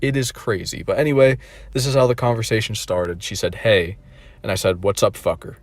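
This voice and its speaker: A man's voice: on the low side, fairly quick, no echo. A man recounting a story in a casual vlog, rambling and incredulous and repeating himself. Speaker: online dating video creator.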